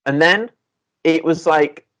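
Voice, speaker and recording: A man's voice: a little high, takes it slowly, fairly bright tone, dull audio. A man co-hosting a podcast, thinking aloud in casual chat and working through ideas with restarts. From Canada. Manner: thoughtful, reasons aloud with restarts. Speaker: podcast co-host.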